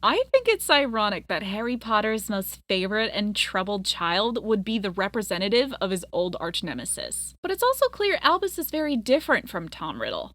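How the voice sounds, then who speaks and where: A woman reviewer retelling a play with animated storytelling and her own commentary. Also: a little high, no echo. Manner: animated storytelling, acts out scenes. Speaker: book reviewer.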